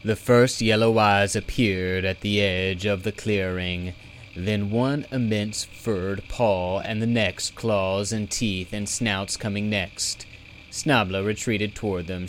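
A man reading a fantasy audiobook aloud at an unhurried, deliberate pace. His voice sits on the lower side, and a faint hiss lies beneath his steady narration. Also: rough recording. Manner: measured, steady storytelling. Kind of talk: scripted narration.

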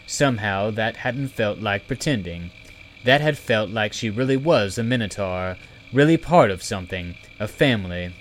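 Man reading a storybook slowly. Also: fairly low pitch, slight background noise. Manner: slow, measured reading. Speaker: narrator. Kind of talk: audiobook narration.

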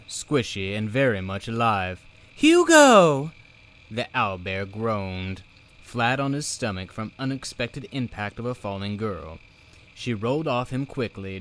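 A man with a low voice narrating a children's book at an unhurried pace. His delivery is measured and expressive, with a faint hiss of background noise. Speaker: reader.

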